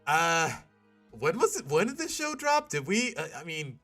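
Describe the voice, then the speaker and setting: An animated man hosts a casual live stream. His voice is bright and forceful and swings widely in pitch. He rambles and cuts himself off mid-sentence, with faint music underneath. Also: moderate pace. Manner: animated, rambling, self-interrupting. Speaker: streamer host.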